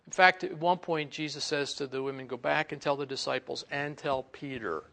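A man's voice: fairly high pitch, moderate pace, vocal fry, fairly bright tone. A man preaching a sermon, telling a Bible story with acted-out quotes and frequent laughter. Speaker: pastor.

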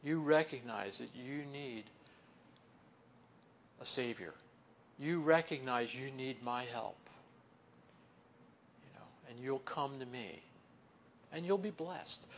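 A man preaching a conversational sermon, leaning on "you know" and stretching key words slowly before dropping to a soft, low close. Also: lively intonation, slight background noise. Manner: folksy, fills pauses with "you know". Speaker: pastor or Bible teacher.

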